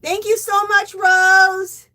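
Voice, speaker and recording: A woman's voice: fairly high pitch, expressive, normal speed, a bit bright. A middle-aged woman hosting a casual craft livestream from home, bubbly, laughing often and thanking viewers by name. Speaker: livestream host of a knitting and crochet show.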